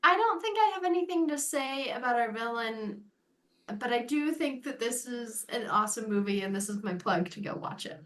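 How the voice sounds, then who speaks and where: A woman co-hosting a casual podcast chat, relaxed and agreeable, mostly giving short replies. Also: a little high, normal speed. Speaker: podcast co-host.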